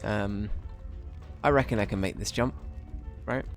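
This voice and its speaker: Low-voiced streamer guy chatting through his game, laid back, cursing at it sometimes. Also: measured pace, faint music behind. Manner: casual, thinking aloud, swearing. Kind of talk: live gameplay commentary.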